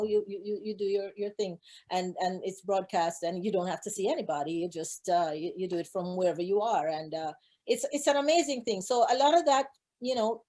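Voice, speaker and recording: A woman's voice: mid-range voice, mellow. A woman recording artist chatting casually as an interview guest, talking freely with many fillers. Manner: chatty, frequent fillers and restarts. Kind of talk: casual conversation.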